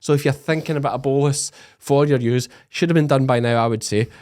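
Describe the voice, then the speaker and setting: A Scottish man hosting a podcast in easy, chatty style. He trades jokes and teasing banter with his co-host, and his voice sits at an ordinary middle pitch. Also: a little fast, a little mellow. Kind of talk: casual chat.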